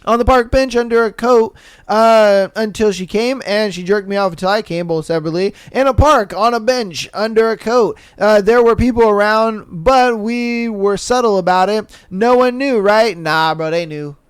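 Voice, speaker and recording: A slangy man hosts a podcast, chatting loosely and reacting to listener stories with a lot of swearing. His voice sits high and sounds smooth and clear, and the recording is dry and close. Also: moderate pace, no room sound. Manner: slangy, animated, swearing, laughs at his own jokes. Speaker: podcast host. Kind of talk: casual podcast chat reading listener stories.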